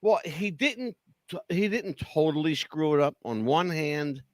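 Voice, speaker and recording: A man's voice: unhurried, dry recording. A man co-hosting a podcast, chatting casually and emphatically in a rambling way. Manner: rambling, emphatic storyteller with lively pitch. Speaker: podcast co-host. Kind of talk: casual wrestling talk.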